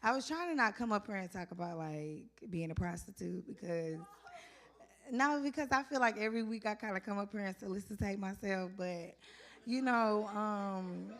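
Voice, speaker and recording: A woman's voice: mid-range voice, lively intonation, moderate pace. A woman doing casual stand-up at an open mic, chatty and rambling, often losing her thread and laughing at herself. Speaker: stand-up comedian. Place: open mic venue stage.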